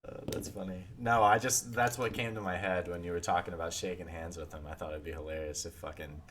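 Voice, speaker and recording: A man's voice: sits low, fairly even intonation, fast talker, fairly bright tone, a little hiss or hum. A young man co-hosting a podcast in casual chat, laid-back and swearing freely.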